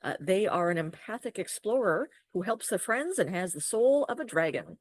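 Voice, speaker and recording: A woman's voice: mid-range voice, big pitch swings, moderate pace, no room sound. A woman player in a tabletop game livestream, chatting in an upbeat way on a home mic. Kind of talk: casual chat.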